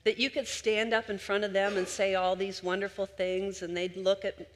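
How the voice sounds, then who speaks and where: Older woman preacher, chatty storytelling sermon, mid-pitched voice, long hall reverb. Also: level tone, moderate pace. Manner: warm conversational storytelling, addressing the congregation directly.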